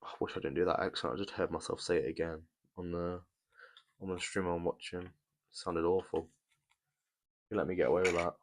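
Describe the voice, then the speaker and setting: A man's voice: deep voice, fairly even intonation, fairly quick, pauses often. A young British man casually chatting to viewers on a live stream while he builds a Lego set, in a rambling, chatty way. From Britain. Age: young adult.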